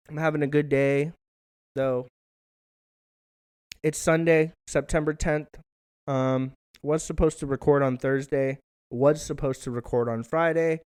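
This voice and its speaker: A young man rambles through a casual solo show at home, loose and profane, laughing at himself as he goes. His voice is smooth and clean, sitting at an ordinary middle pitch. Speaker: podcast host. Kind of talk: casual solo vlog chat. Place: hot living room at home.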